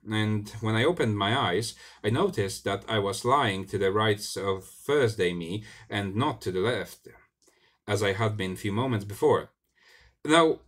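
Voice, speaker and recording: A man reads a science fiction story aloud with a low voice. His delivery is animated, rising and falling widely in pitch. He now and then stumbles and corrects himself. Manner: animated, expressive reading with small slips. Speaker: reader.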